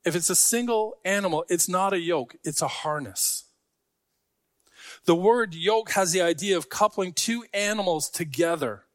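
A man's voice: high-pitched, moderate pace, dry recording, studio quality. A man preaching a sermon to a congregation, talking in a conversational way with joking asides. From Scarborough. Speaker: pastor.

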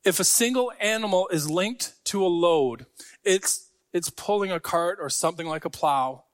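A man's voice: sits high, moderate pace, no room sound, clean studio sound. A man preaching a sermon to a congregation, talking in a conversational way with joking asides. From Scarborough. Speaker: pastor.

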